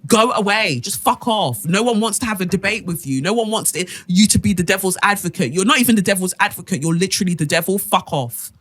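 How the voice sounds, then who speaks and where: A woman's voice: medium pitch, expressive, fast talker, hardly any pauses, a bit bright. A woman hosting a podcast, reading out listener emails and ranting bluntly with plenty of swearing. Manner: blunt, profane, emphatic ranting. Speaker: podcast host.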